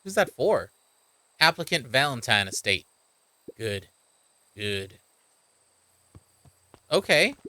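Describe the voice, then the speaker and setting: A man's voice: mid-range voice, very animated, takes it slowly, pauses often, pushed and bright, no echo. A man streaming a game, reacting animatedly and reading its text aloud. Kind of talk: let's play commentary.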